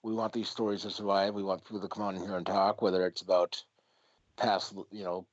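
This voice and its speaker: A man's voice: low-pitched, flat delivery, a little fast, no room sound. A man hosting a podcast in casual chat, talking bluntly with plenty of swearing and rambling asides. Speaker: podcast host. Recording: dull lo-fi audio.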